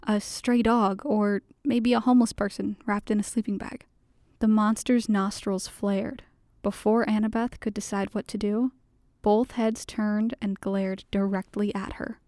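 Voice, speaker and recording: A woman narrating audiobooks in a measured, even reading style. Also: medium pitch, dry recording, studio quality.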